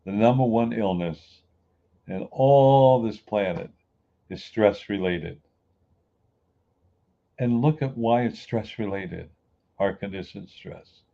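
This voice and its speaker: An inspirational speaker raised on the US East Coast gives a folksy, emphatic motivational talk, acting out everyday people. His lowish voice has vocal fry, and he takes it slowly with frequent pauses. The recording is muffled.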